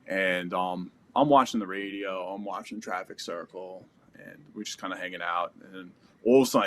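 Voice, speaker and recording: American man, thirties, lowish voice, animated podcast storyteller. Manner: animated storytelling with sound effects. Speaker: podcast guest. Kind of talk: casual war story.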